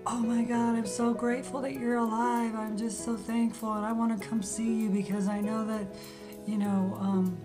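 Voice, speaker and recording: A woman quoting an excited, relieved man on a phone call, her pitch lifted and her voice softer. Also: normal speed, over music, lightly acted.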